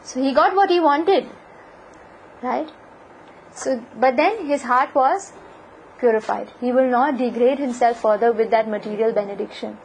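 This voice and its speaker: A woman giving a devotional lecture, telling a scripture story in a lively way and asking her listeners questions. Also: a little high, measured pace, a little hiss or hum, rough recording. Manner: animated storyteller, asks the audience questions. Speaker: spiritual lecturer.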